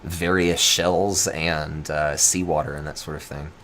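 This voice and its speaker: A man narrating a tabletop game as game master, relaxed and chuckling, with many fillers. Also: a bass voice, unhurried, slight background noise.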